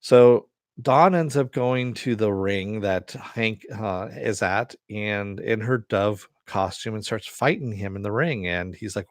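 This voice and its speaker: A man's voice: fairly low pitch, measured pace, no echo, clean studio sound. A man casually retelling a TV episode in a rambling way, full of fillers. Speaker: TV show reviewer.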